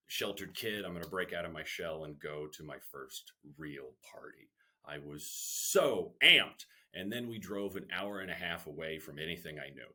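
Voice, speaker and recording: Deep-voiced man telling a wild story. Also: moderate pace. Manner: animated, self-deprecating storyteller who swears. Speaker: guest comedian. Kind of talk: storytelling in a podcast interview.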